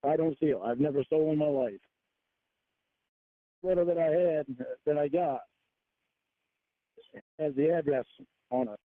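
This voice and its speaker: A man on a phone call, halting and defensive, repeating himself. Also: on the high side, no echo. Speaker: caller. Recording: tinny phone line.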